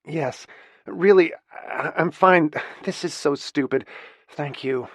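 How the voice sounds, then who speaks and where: A man's voice: fairly high pitch, slow, no echo, pitched above the performer's own voice. A man voicing a shaken woman lawyer who speaks in a trembling, embarrassed way. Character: female lawyer, shaken after a fall.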